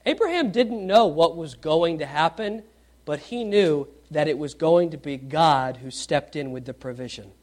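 A man delivers a sermon, reading scripture aloud and putting questions to his congregation, moving between loud, animated questions and hushed emphasis. His pitch is fairly high and his pace moderate.

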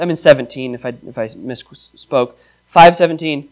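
A male pastor whose voice sits a little higher than most men's preaches a sermon at a moderate pace, with emphatic, rising delivery. He reads scripture aloud and turns to the congregation with questions.

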